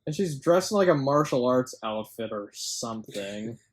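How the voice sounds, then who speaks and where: Male podcast co-host, mid pitch, casual film-review chat, incredulous and rambling, salty language. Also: expressive, normal speed. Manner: rambling and incredulous, swears and laughs often.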